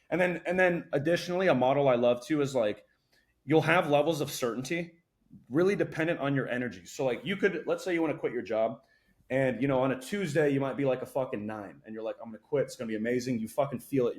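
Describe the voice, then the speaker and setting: A young man, a podcast guest, talking casually and swearing a lot as he tells animated stories. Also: medium pitch. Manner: fast, profane, animated storytelling.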